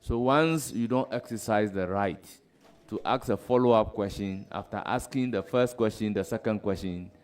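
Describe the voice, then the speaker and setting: A man with a Ghanaian accent chairing a parliamentary hearing in a measured, procedural manner. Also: lowish voice. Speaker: committee chairman.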